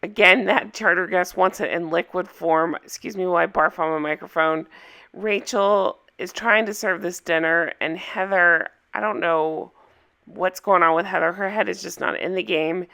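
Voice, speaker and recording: A woman recaps a reality series in a casual, opinionated way. Her voice is hoarse from a cold, gravelly with fry and pitched a bit low. She keeps inviting her viewers to weigh in. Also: steady tone, moderate pace, bright, forceful tone. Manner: chatty, opinionated, asks viewers for comments.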